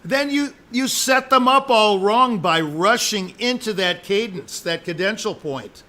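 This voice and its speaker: A man's voice: sits high, animated, a little slow, bright, forceful tone. A man giving a musician live spoken feedback as an audition judge, emphatic and jokey, repeating his points.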